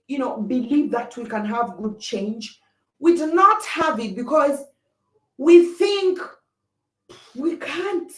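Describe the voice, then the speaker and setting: A young woman with a high voice hosts a livestream, pressing her points with emphatic, repeated phrases and answering viewer comments. She sits well back from the mic in an echoey room. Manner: emphatic, repetitive rhetorical phrasing. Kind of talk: impassioned opinion talk. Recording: roomy, distant mic.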